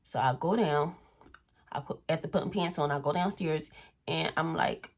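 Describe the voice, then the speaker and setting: A young woman telling a storytime on her vlog in a casual, animated way, acting out what people said. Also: sits low, normal speed. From Philadelphia area. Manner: animated, acts out quoted voices, swears freely. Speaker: vlogger.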